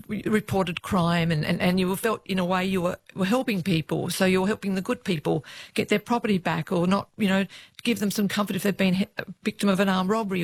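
A woman, a former police officer, telling lively stories about her work in an interview. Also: mid-range voice, dry recording. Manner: lively storyteller who acts out the voices of others.

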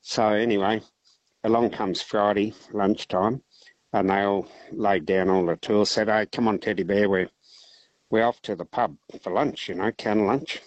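An Australian man calling in to a radio show, telling a long joke in a relaxed, rambling way. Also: lowish voice, measured pace, dry recording, poor audio. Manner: rambling, relaxed yarn-spinning. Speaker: caller, teacher. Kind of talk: casual phone-in storytelling.

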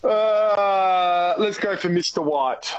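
Hesitant man, slightly high. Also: slow pace, clean tone, muffled recording. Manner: hesitant, stumbling. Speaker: quiz contestant. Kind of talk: casual radio chat.

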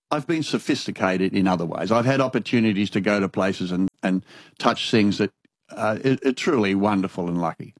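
Brief: older Australian male interviewee, low voice, dry close sound, anecdotal and animated. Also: no echo. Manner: animated anecdotal storyteller, acts out dialogue. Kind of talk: storytelling conversation.

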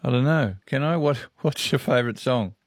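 A man's voice: medium pitch, fairly quick, no echo, clean studio sound. A man hosting a radio phone-in, chatting with callers in a friendly, easygoing way. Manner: friendly, chatty, laughs easily. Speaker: radio host. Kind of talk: casual radio phone-in chat. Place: radio studio.

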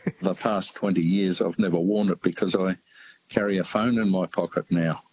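An older man calling in to a radio show, chatting in a halting way with many fillers. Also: low voice, fairly even intonation, a little mellow, husky, no echo, highs cut off. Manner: hesitant, halting, lots of uh fillers. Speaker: radio caller. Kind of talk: casual chat.

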